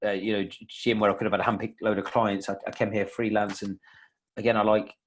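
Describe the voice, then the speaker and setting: Podcast guest: young man, lowish voice, loose rambling chat full of restarts. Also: little pitch movement, fast talker, slight background noise. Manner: rambling, many restarts and fillers, laughs a lot. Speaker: podcast guest, fitness coach.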